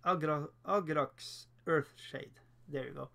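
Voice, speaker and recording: A Norwegian-accented man hosts a relaxed livestream while he paints miniatures, and English is not his first language. His voice sits a little high and carries a rough, gravelly edge. He chats loosely and pokes fun at himself, with frequent laughs and halting fillers. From Norway. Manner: chatty, self-deprecating, laughs often, halting with fillers.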